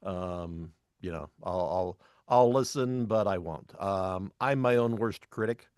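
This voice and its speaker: A man with a lowish voice shares stories from DJ gigs, plainly and steadily. His voice is recorded dry and close. He sounds matter-of-fact throughout. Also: takes it slowly, darkish tone, smooth, no room sound. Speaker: DJ co-host. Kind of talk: casual storytelling.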